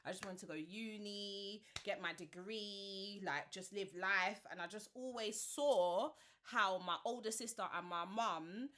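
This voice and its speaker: Bright-voiced London woman telling a story. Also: mid-range voice, measured pace, hardly any pauses. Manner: animated storytelling full of slang. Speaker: podcast guest. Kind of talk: casual chat.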